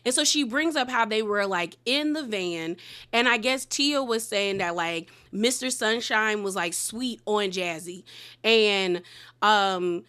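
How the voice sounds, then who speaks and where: A woman casually recapping a reality TV episode, chatty and animated, acting out what the cast said and tossing in asides like "girl" and "okay?". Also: mid-range voice, slow pace, smooth. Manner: chatty, animated retelling with quoted voices and laughs.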